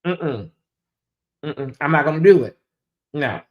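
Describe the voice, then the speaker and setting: Middle-aged male streamer, slightly high voice, playful and chatty, roomy echo. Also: a little slow, highs cut off. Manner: animated, teasing, talks straight to chat. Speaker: livestream host. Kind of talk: casual livestream chat. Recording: echoey room.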